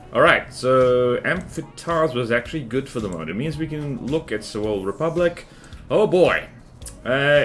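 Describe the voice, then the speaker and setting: A young man chatting casually on a game livestream, rambling and joking as he greets viewers by name. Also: mid-range voice. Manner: rambling, self-mocking, greets chat by name. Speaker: streamer. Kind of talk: casual gaming livestream chat.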